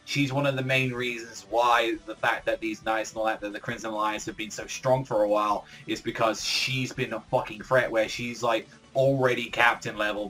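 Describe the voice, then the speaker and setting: A man's voice: lowish voice, pushed and bright. A man reviewing a comic chapter in casual, rambling commentary, full of fillers and swearing. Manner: rambling, heavy filler words, swears often. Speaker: manga reviewer.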